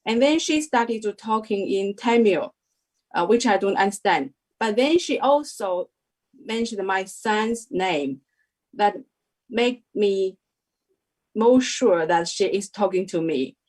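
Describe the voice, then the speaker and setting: Slow, halting woman telling her story. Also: mid-range voice, animated, a little mellow. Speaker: interview guest. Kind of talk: personal testimony. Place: lives in New Zealand.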